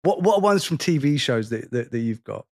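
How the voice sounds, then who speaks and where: A man co-hosting a podcast in casual chat, animated, laughing often and mimicking lines from shows. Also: mid-range voice, a little fast, no echo, studio quality. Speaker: podcast co-host.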